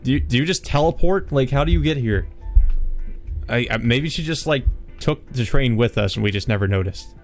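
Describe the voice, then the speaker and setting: A man's voice: medium pitch, normal speed, soft background music. A man casually commenting on a visual novel he plays, crude and exasperated, swearing often. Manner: crude, profane, exasperated ranting. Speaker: let's play host.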